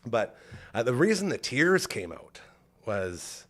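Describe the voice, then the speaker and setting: A man's voice: medium pitch, sing-song, slow pace, fairly bright tone. A man hosting a podcast, telling an emotional story in a rambling, casual way with lots of "like". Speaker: podcast host. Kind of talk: casual chat.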